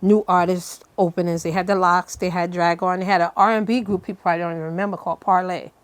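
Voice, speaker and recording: A woman's voice: on the low side, quick pace, clear, resonant tone. A middle-aged woman from Brooklyn, telling stories as an interview guest and acting out other people's lines. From Brooklyn, New York. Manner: animated storyteller who acts out other people's lines. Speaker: guest, fashion designer. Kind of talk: casual interview storytelling.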